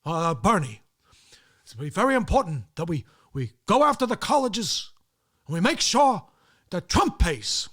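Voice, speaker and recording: A man's voice: sits high, sing-song, fairly bright tone, slightly rough, exaggerated voice. A man doing an impression of a rambling elderly male politician who drags out his words and trails off. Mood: earnest. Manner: halting, trailing off, drawn-out words.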